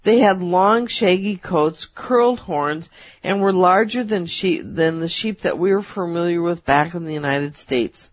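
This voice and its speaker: Woman reading a story, measured pace, dull dry recording. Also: on the low side, dry recording.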